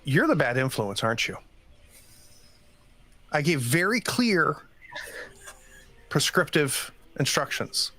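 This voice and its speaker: A man's voice: fairly high pitch, very animated, takes it slowly, pauses often, pushed and bright, full character voice. Man voicing a stern bossy station doctor. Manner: clipped, scolding orders.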